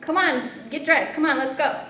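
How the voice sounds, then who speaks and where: A woman voicing an excited young friend with a Hawaiian accent, urging her on in a high, loud voice. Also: moderate pace. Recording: roomy distant mic with rumble.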